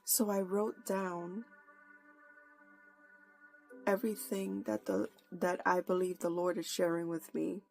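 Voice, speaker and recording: Slow, gravelly woman preacher praying. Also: lowish voice. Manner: slow, fervent, pleading prayer. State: holding back tears. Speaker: prophetic preacher. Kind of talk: prayer and prophetic message.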